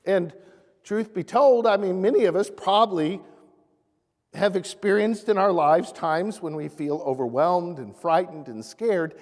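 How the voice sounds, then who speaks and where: A man preaching a sermon as pastor in a church sanctuary, earnest, rising animatedly and dropping soft. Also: sits high, measured pace. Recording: echoey church hall.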